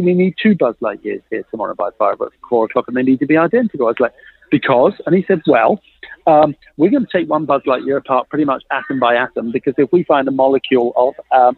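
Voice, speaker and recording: Animated man telling stories over a tinny line. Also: on the high side, vocal fry, husky, no echo. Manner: lively storyteller acting out quoted dialogue; jokey and self-mocking. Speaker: guest, innovation consultant. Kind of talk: animated anecdote telling in a podcast interview. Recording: dry, tinny phone-like line.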